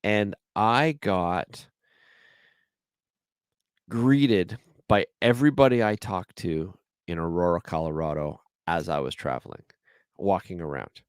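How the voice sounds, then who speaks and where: Rambling Canadian man, low voice. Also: slow, clear, resonant tone, dry recording. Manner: chatty, rambling storyteller. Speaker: podcast host. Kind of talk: solo podcast chat.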